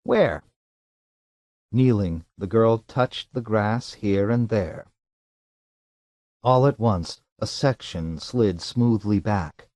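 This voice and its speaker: A man reading an audiobook as the narrator, with an even, measured delivery into a close mic. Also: fairly low pitch, dry recording. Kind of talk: scripted narration.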